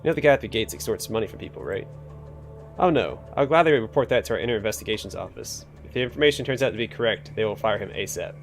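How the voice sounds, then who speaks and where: A man's voice: fairly low pitch, lively intonation, quick pace, soft background music. A man voicing a proud male militia officer in a game, who talks in a boastful, matter-of-fact way.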